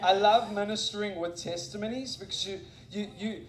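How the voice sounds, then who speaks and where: A man with a notably high voice delivers an energetic sermon, mixing stories with jokes at his own expense. His words ring around a roomy, echoing church hall. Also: moderate pace. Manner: animated, self-mocking, laughs often. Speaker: guest preacher and missionary. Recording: echoey room.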